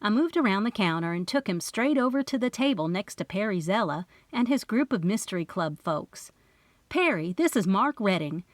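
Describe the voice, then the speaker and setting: A woman's voice: mid-range voice, expressive, brisk, hardly any pauses, no room sound. Woman narrating an audiobook. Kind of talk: first-person audiobook narration.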